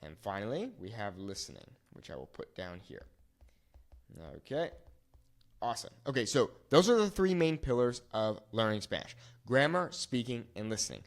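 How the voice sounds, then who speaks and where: A man teaching a lesson at a whiteboard, repeating words slowly to show how they sound. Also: medium pitch, sing-song. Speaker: Spanish teacher.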